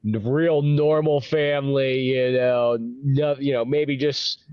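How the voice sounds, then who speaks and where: A young man co-hosts a casual podcast, feeling his way through thoughts with lots of fillers. His mic sounds dry and a little muffled, with a middle-pitched voice. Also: steady tone, slow, clear, resonant tone, no room sound. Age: young adult. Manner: hesitant, many fillers, laughs along. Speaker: podcast co-host. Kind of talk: casual chat.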